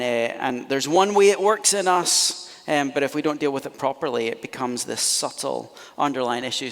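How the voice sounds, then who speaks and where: Scottish man, pastor, fairly high voice, animated storytelling sermon, long church reverb. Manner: animated, self-deprecating storyteller. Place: church auditorium.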